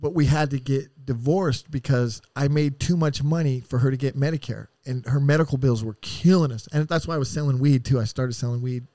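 A middle-aged man, a podcast guest, telling a painful personal story in a raw, profane and heartfelt way, with sighs and halting restarts. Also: medium pitch, warm tone, no room sound.

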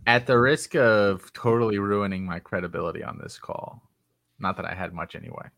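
Deep, bright-toned man on a call. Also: steady tone, fairly quick, gravelly, no echo. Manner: organizing, explains the plan. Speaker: fantasy football analyst. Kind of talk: casual group call discussion. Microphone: online call.

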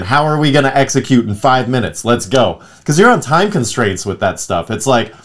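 A man in his thirties chatting casually as a podcast co-host, telling stories animatedly and acting out what others said. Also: medium pitch. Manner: animated storyteller, acts out quotes. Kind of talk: casual chat.

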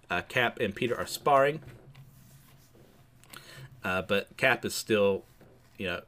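A man's voice: on the low side, fairly bright tone. Man, casual comic recap, chatty, laughs a lot, lots of uhs. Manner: chatty, laughs often, many fillers. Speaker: comic book reviewer.

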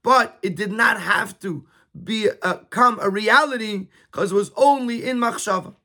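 High bright-voiced man teaching text. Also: normal speed. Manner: repeats words and stammers while explaining. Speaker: Torah teacher. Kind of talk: reading a Yiddish text and translating it into English.

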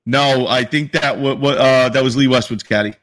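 Here a man from the New York area co-hosts a sports podcast at normal speed, his mid-range voice fairly even and a bit bright. He keeps things casual and lively, swearing freely.

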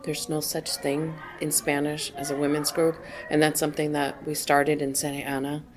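Gushy woman with a low voice, chatting at a conference. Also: completely flat delivery, moderate pace, noisy background. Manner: effusive, many exclamations. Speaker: conference attendee, AA member. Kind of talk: casual interview answers.

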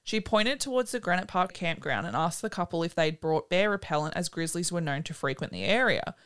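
A woman's voice: lowish voice, expressive, a little fast, fairly bright tone, clear, resonant tone. A woman hosting a podcast, chatting casually and telling a story, swearing freely. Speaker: podcast host.

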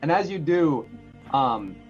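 A game master narrating a tabletop game, pausing with ums between details. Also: mid-range voice, very animated, darkish tone, soft background music. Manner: narrates with frequent ums and pauses. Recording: slightly dull lo-fi audio.

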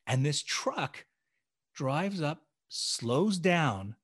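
A man co-hosting a podcast, telling a story in a casual, animated way, acting out dialogue and laughing along. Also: on the high side, extremely slow, breathy edge. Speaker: podcast co-host.

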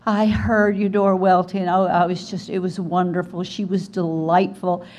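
An older woman from Alabama, telling an animated story as a guest speaker at a writers conference. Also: lowish voice, normal speed. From Alabama, USA. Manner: animated storyteller, acts out quoted voices. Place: conference hall.

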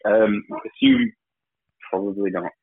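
Easily amused man with a lively voice. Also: fairly low pitch, unhurried, gravelly, husky, dry recording, phone-quality sound. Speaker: podcast co-host. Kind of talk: casual chat.

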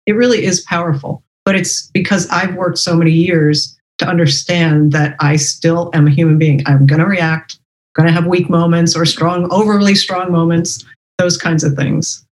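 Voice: medium pitch, steady tone, moderate pace, slight background noise, low-quality recording. A podcast host talking casually, reflective and affirming.

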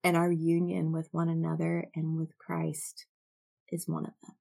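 Slow, gravelly-voiced woman teaching scripture. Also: low voice, monotone. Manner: slow, reflective, drops to soft near-whispers. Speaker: Bible teacher.

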